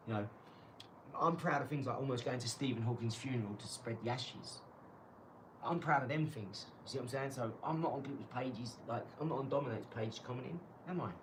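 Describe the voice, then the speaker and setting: A young man streaming live from his garage, mocking and trash-talking a viewer with sudden loud outbursts. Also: mid-range voice, far from the mic, noisy background. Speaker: livestreamer. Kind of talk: live stream chat while boxing.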